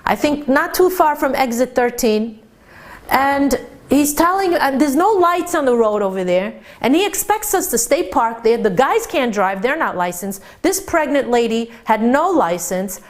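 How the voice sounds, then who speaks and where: Woman teacher telling a story, gets all worked up, trips over her words, kinda high voice. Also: moderate pace. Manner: animated, excited storytelling with stammered repeats. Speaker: Torah teacher for women. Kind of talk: storytelling lecture.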